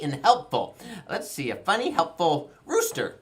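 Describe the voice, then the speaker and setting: A woman's voice: low-pitched, wildly swooping pitch, a little slow. A woman hosting a children's library show, leading a sing-along in a playful, sing-song voice with frequent laughs and animal noises.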